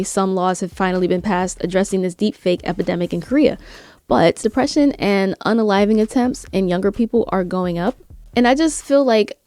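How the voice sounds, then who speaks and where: An earnest woman speaks conversationally to her viewers, full of "like" and quick restarts. Her voice is mellow and relaxed, recorded close and dry with no room sound. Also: mid-range voice, no room sound. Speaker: vlogger. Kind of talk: casual commentary vlog.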